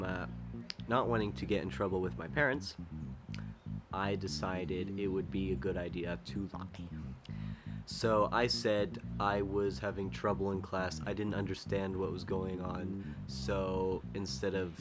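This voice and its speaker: A young man co-hosting a podcast, telling school stories in a relaxed, chuckling way. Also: sits low, a little slow, loud music behind the voice. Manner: laid-back, chuckles through his stories. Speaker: podcast co-host. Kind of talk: casual chat.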